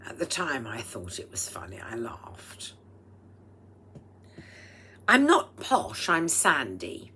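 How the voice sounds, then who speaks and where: A woman vlogging at home with a throaty, strained voice, speaking in a slow, deliberate and slightly formal way and often dropping into breathy whispered asides. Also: very deep voice, bright, forceful tone. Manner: proper, slightly formal phrasing. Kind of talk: rambling personal vlog monologue. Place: at home while cooking. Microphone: speaking into a microphone.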